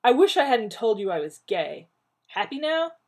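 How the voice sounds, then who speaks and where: A woman voicing a terse, guarded male colonel who speaks curtly and irritably, with a creaky, husky voice. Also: fairly high pitch, sing-song, moderate pace, darkish tone, voice pushed up. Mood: angry. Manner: curt, irritable.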